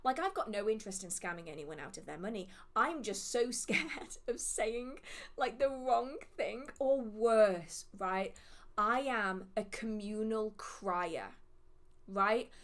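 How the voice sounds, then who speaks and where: A woman's voice: mid-range voice, lively intonation, slow, fairly bright tone. A young woman hosting a witchcraft livestream, telling a rambling, self-deprecating story full of fillers. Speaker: witchcraft channel host.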